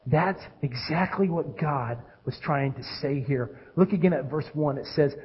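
A man, a pastor with children, preaching a sermon with animated swings between loud calls and hushed lows. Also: a little slow, breathy edge, lo-fi sound. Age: adult with children.

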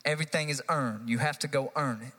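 A man's voice: medium pitch, quick pace, pushed and bright. A man, a youth pastor, preaching a live sermon to a church congregation, building to emphatic repeated lines. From United States. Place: church sanctuary. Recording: long hall reverb.

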